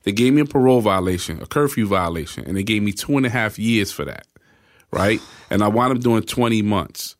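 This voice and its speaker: A man in his forties with a lowish voice talks as an interview guest. He tells his story in a relaxed way, slipping into the voices of the people he quotes and checking in with a frequent "right?". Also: brisk. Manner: acts out quoted voices, often asks "right?". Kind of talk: casual storytelling.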